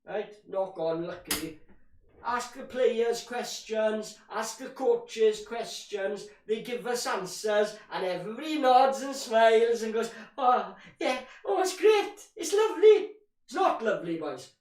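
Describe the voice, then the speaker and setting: A man giving live fan commentary on a match, ranting in frustration and calling his listeners "boys". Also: very high-pitched. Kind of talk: live watch-along commentary. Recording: roomy echo, distant from mic.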